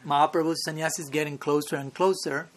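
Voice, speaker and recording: A man's voice: a little high, fairly even intonation, fairly quick, slight background noise. Conversational man giving a devotional lecture. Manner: conversational, checks in with listeners. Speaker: swami lecturer. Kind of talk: online devotional storytelling lecture.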